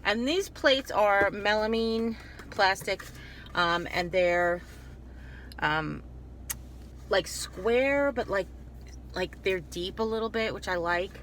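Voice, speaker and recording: A woman vlogger chatting through a store haul in a loose, digressive way, cutting herself off and circling back. Her voice is bright and sits at an ordinary pitch. A faint background noise runs under the recording. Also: expressive, slow, pauses often. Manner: chatty, digressive, self-interrupting. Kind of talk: casual rambling haul video.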